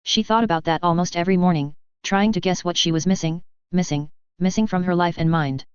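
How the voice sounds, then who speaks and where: A woman reads a story aloud in a steady, measured way. Her voice is very clear and sits a little low. The recording is close and dry, with a dull, lo-fi sound. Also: dry recording. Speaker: audiobook narrator. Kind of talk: scripted narration.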